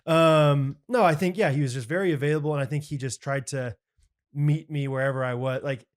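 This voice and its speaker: A man's voice: on the high side, steady tone, brisk. A young man co-hosting a podcast, telling a story in an earnest, rambling way with lots of filler words. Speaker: podcast co-host. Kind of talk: casual chat.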